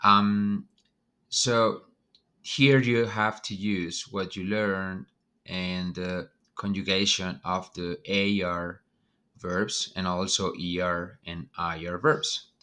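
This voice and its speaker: A man's voice: deep voice, level tone, slow, pushed and bright. A man teaching an online Spanish lesson, explaining in a loose, hesitant way with many ums and uhs.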